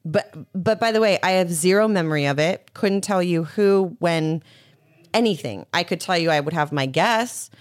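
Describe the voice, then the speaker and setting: A woman speaking as a guest, telling a personal story quickly and frankly, with many "like"s. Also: lowish voice, no room sound, studio quality. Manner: rapid, frank, peppered with "like".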